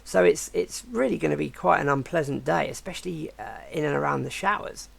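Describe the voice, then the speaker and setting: A man with a croaky voice while recovering from the flu, presenting a weather forecast with many hesitations and restarts. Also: a little high, a little fast. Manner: hesitant, with frequent fillers and restarts.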